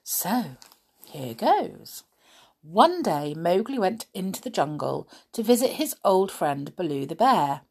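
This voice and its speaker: A woman reading a story aloud to children, gentle and chatty, a little hoarse with a frog in her throat. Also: on the low side, very animated, slow. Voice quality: throat-clearing.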